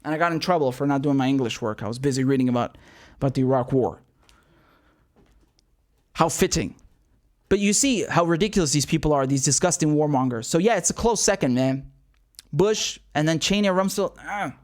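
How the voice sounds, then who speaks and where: A young man hosting a casual political commentary show. He talks in an animated, sarcastic way, laughs often and repeats himself. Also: fairly high pitch, fairly quick, long pauses.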